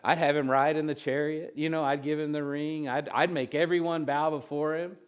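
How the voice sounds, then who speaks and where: A man's voice: fairly high pitch, steady tone, normal speed, smooth, lightly acted. A man playing a smug, boastful court official. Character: boastful, scheming male royal official.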